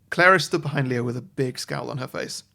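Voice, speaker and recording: This podcast co-host has a mid-range, gravelly voice with a sharp tone. Chatting casually, he spins out a made-up sequel storyline, stumbling through lots of ums and correcting himself as he goes.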